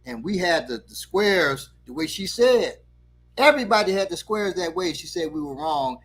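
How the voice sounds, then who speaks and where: A man's voice: sits high, normal speed, breathy edge. A man hosting a talk show, telling a story animatedly with laughter and acting out the voices of the people in it. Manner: lively, laughing, acts out the voices of the people in his stories. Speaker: host.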